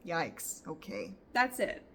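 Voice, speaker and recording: A woman's voice: fairly low pitch, big pitch swings, slow pace, bright, forceful tone. Chatty young woman book vlogger. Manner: chatty, laughing reactions to the story. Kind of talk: casual reading vlog chat. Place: home in the countryside.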